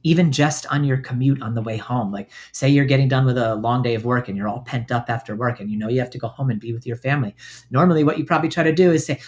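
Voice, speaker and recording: A man hosting a self-help podcast, talking gently in a coaching manner and now and then acting out inner voices. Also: medium pitch, steady tone, quick pace. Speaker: podcast host.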